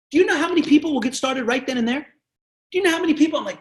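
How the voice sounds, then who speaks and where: A man's voice: extremely high pitch, animated, very fast. A man leading a sales team training, talking passionately and emphatically and acting out sales conversations. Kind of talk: energetic sales training talk.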